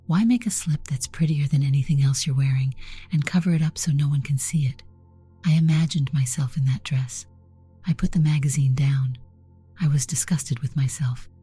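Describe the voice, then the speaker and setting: A woman reading a first-person story aloud in a soft, breathy, half-whispered delivery. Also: extremely low pitch. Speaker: story narrator. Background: soft background music.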